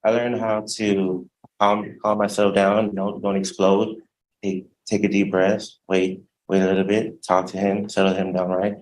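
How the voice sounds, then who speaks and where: A man testifying as a defendant in court, hesitant and soft-spoken, halting over his words. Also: low voice, monotone, slight background noise, low-quality recording.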